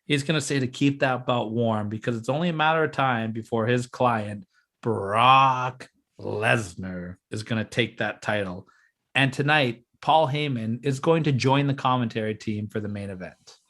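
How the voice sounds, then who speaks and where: A man's voice: medium pitch, moderate pace. Podcast co-host, male, chatty and teasing, explains his booking plans with energy. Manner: excited, teasing, lays out plans step by step. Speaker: podcast co-host booking a fantasy wrestling show. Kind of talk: casual chat.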